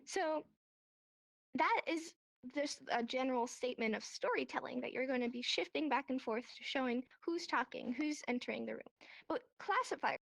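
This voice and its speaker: A woman teaching a sign language class online, explaining with lively acted-out examples. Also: sits high, normal speed, gravelly, no echo. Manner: animated, acts out examples in voices. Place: VR chat room.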